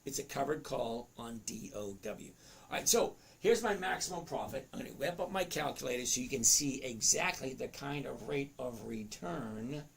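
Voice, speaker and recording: A man's voice: medium pitch, lively intonation, moderate pace, creaky, slight background noise. A man in his fifties with a cracking voice, chatting through a live trading lesson and reading viewer comments aloud. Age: 50s. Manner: chatty, reads comments aloud, self-interrupting. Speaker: trading educator.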